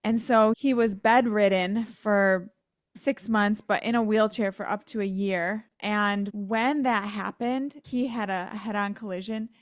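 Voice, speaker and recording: Here a woman from the United States recounts her faith journey as an interview guest on a podcast, her mid-range voice fairly even in intonation and measured in pace. She's earnest, sometimes emotional, imitates those she quotes, and pokes fun at herself with laughter. The sound is clean studio quality, free of room noise.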